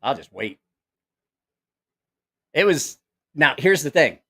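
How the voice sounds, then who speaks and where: A middle-aged man tells a story in a loose, casual way, and his pitch swings widely up and down. He swears freely, acts out the people in the story and keeps correcting himself as he goes. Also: slow. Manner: profane, animated, acts out quoted voices; rambling with self-corrections. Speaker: channel host.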